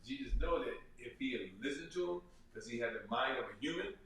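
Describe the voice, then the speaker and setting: A man's voice: mid-range voice, lively intonation, brisk, a bit bright, slight background noise. A man earnestly talking as an interview guest, repeating phrases and acting out quotes. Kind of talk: casual interview talk. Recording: echoey room from far off.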